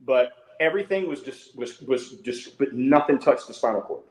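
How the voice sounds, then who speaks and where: A middle-aged man tells a story on a podcast, dropping curses and switching to a raised voice whenever he quotes someone. His voice sits at a medium pitch. The sound carries a roomy echo. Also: normal speed. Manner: animated, swears freely, acts out quotes in a higher voice. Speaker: podcast guest. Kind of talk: casual storytelling.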